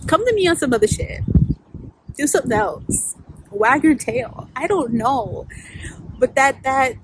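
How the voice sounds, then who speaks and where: Woman, casual storytime vlog, outdoors, candid and profane, animated pitch, faint background noise. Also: unhurried, long pauses, rough recording. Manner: candid, profane storytelling with frequent fillers and laughs. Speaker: vlogger and life coach.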